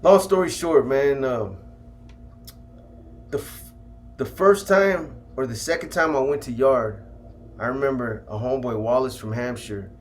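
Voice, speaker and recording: A man from California, with a mid-range voice, recounts stories from his past slowly and with long pauses. His first-person telling is casual and laid-back, full of slang, with lines often ending in "man."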